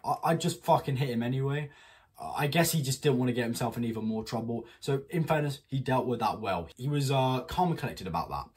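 Blunt husky guy ranting. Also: medium pitch, expressive, brisk, a little mellow. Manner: blunt, opinionated, swears freely. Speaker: commentary YouTuber. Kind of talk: casual commentary vlog.

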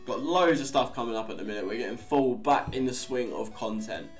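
A man's voice: mid-range voice, a little fast. A young man giving casual, rambling commentary on a game he is playing, swearing now and then. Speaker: Let's Play host. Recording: faint guitar music behind.

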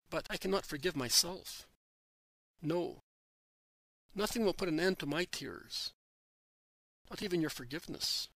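A man's voice: a little high, gravelly, bright, forceful tone, dry recording, full character voice. A man reading the lines of a grieving, remorseful apostle in a sorrowful, pleading voice.

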